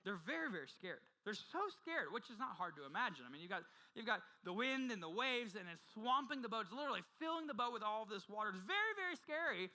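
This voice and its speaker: A male pastor preaching a sermon with passion, swinging from loud urgency to hushed intensity and often restarting his phrases. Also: high voice, very animated, fast talker, hardly any pauses, rough recording. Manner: frequent repeated restarts. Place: church.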